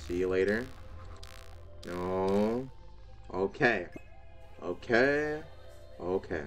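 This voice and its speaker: A man giving let's play commentary, talking to the game's characters and breaking into startled exclamations. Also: low-pitched. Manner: talks to game characters, frequent startled exclamations. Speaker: gaming video host.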